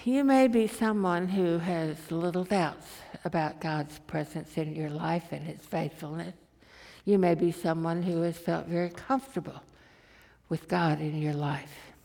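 Slow, deliberate woman preaching. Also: fairly low pitch, warm tone. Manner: slow, deliberate storytelling delivery. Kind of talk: sermon. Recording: reverberant hall.

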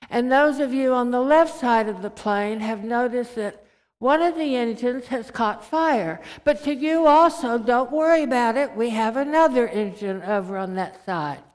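A woman voicing a calm, reassuring male airline captain making soothing announcements to passengers. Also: a little high, moderate pace, natural voice. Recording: reverberant hall.

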